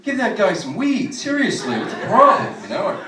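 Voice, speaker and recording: A young man works a comedy club stage, spinning profane, animated stories with quick asides. His voice sits a bit high and swings widely in pitch. He sounds distant, caught by a far mic in an echoey room. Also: crowd noise. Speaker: stand-up comedian. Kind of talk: stand-up comedy set.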